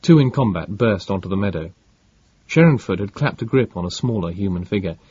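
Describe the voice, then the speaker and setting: A man reading an audiobook in a measured, dramatic narration. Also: fairly low pitch, expressive, mellow, husky, lo-fi sound.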